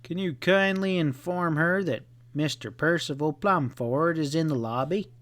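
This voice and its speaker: A man voicing a stiff young English gentleman who speaks in a high-pitched drawl. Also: measured pace.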